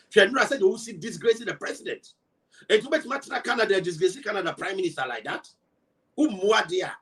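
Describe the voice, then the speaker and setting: Fired-up Ghanaian man, high and lively. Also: far from the mic. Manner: emphatic, mixes Twi and English, rhetorical questions. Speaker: political party member. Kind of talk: heated political rebuttal.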